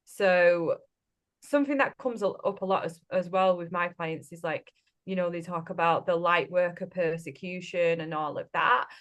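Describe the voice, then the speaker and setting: A woman's voice: lowish voice, moderate pace. A woman, a coach, in casual podcast chat, speaking directly and bluntly and often checking in with the listener. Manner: direct and blunt, often tags statements with "right?". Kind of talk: casual spiritual business chat.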